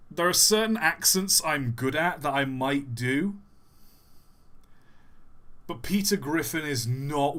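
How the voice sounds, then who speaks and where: A man's voice: medium pitch, a bit bright. A young man hosting a live stream, chatting in a rambling, self-deprecating and joking way. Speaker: livestream host. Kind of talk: casual live stream chat.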